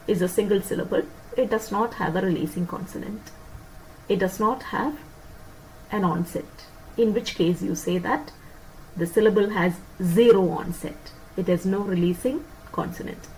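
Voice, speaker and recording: A woman teaching a phonetics lesson, repeating points and asking her students quick questions to check they follow. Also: medium pitch, darkish tone, a little hiss or hum, poor audio. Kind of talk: lecture on phonetics.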